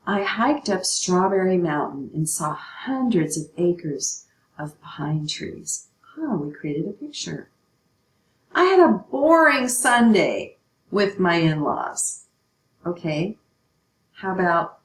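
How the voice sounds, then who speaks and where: A woman's voice: low voice, roomy sound, rough recording. A middle-aged woman teaching a writing lesson, patient and checking in often with her students. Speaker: English teacher.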